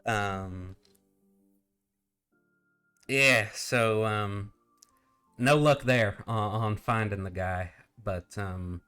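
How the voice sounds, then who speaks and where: A man narrating a tabletop game as game master, halting and full of fillers. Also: on the low side, pushed and bright, clear, resonant tone, soft background music.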